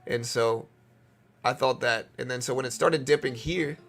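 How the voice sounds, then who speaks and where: A man's voice: mid-range voice, normal speed, gravelly, a bit bright, faint music behind. A young man from Louisiana with a slight Louisiana accent, casually hosting a trading livestream and answering chat questions. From Louisiana, USA. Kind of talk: casual live-stream commentary.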